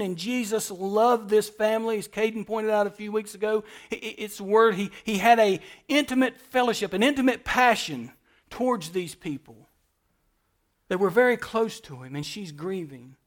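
A pastor preaching a sermon in church, repeating phrases for emphasis and moving between soft and loud delivery. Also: male voice, high-pitched, moderate pace.

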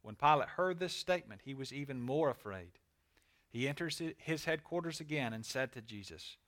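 A man, a pastor, reading scripture aloud and praying in an earnest, measured way. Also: mid-range voice, animated, fairly bright tone.

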